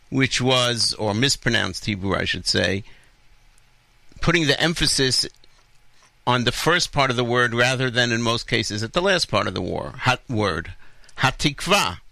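A man's voice: medium pitch, gravelly, sharp tone, dry recording. A man hosting a radio show, giving opinionated commentary with rhetorical questions, long explanations and self-corrections.

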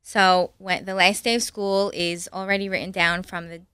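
A woman, a mother, chatting as a guest on a talk show in a relaxed, rambling way with many fillers. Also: medium pitch, moderate pace, clean tone, no echo. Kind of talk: casual studio chat.

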